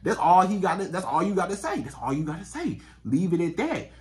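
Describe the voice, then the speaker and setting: A man's voice: high-pitched, very animated, brisk, a little mellow. A man, a dating coach giving blunt, emphatic advice straight to camera and repeating catchphrases. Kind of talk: direct-to-camera advice monologue.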